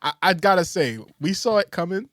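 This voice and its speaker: This podcast co-host talks in a high-pitched, slightly fast voice with a fairly bright tone. He rambles through casual chat, full of fillers, restarts and bursts of laughter, recorded in a clean, dry studio.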